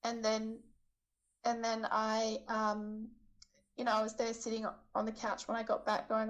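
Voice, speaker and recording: A woman telling a story in a chatty, casual way, lively when she quotes other people's words. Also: a little high, a little slow, pauses often, poor audio. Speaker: charity event organizer.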